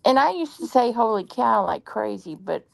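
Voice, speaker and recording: Woman, casual storyteller, slightly high, relaxed chat. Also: moderate pace, vocal fry. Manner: chatty storyteller, reads aloud from the web.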